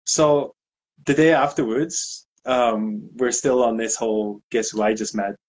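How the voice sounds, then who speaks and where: Speaking a little slowly in a mid-range voice, a man appearing as a guest DJ shares a lively story in a casual interview. Fillers abound, and he acts out what people said.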